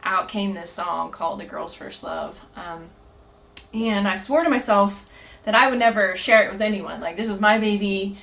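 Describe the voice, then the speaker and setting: A woman's voice: medium pitch, normal speed, creaky, fairly bright tone, low-quality recording. A woman guest on a podcast, telling her story earnestly with many fillers and frequent laughter. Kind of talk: casual storytelling.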